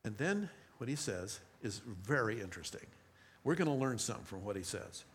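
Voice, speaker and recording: A man's voice: lowish voice, very animated, fairly quick, a little hiss or hum. Man reading scripture and preaching. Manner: conversational teaching with frequent restarts. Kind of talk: Bible reading and sermon.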